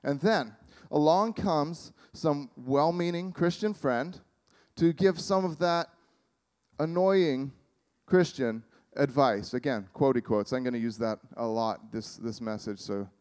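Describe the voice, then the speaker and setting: A man preaching a sermon in a conversational, halting way, with sarcastic humor. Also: medium pitch, a little mellow, clear, resonant tone. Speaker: pastor.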